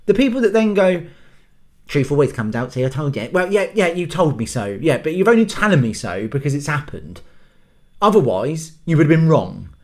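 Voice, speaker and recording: A man hosting his own channel, ranting to the camera about everyday annoyances in an exasperated, self-mocking way. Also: medium pitch. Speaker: host. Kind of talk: casual rant to camera.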